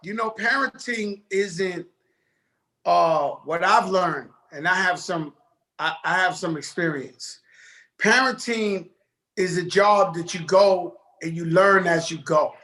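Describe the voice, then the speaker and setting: A man's voice: high voice, slow, sharp tone. A middle-aged man with a New York accent, talking loosely and jokingly as a guest on a video call. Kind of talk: casual interview talk.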